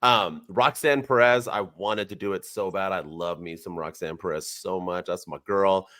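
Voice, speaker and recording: A man in his forties co-hosting a wrestling podcast, chatting casually and getting emphatic and excited as a fan. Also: low voice, moderate pace, dry recording, studio quality. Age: 40s. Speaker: podcast co-host. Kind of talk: casual chat.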